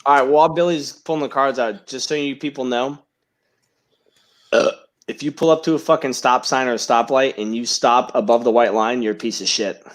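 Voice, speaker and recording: A man's voice: medium pitch, steady tone, a little fast. A man co-hosting a podcast, talking bluntly and swearing in casual banter. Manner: profane, blunt ranting. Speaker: podcast co-host.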